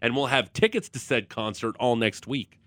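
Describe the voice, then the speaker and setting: A man's voice: medium pitch, animated, normal speed, fairly bright tone. A male radio host bantering playfully and joking with his co-host and guest. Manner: playful, joking, goofy impressions.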